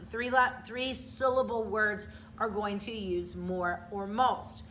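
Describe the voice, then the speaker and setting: A middle-aged woman teaches grammar online, walking her students patiently through each example and checking in with them as she goes. Her voice is bright and forward. A faint hiss sits under the recording. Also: mid-range voice, fairly even intonation, takes it slowly. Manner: patient, explains step by step, checks in with "okay?".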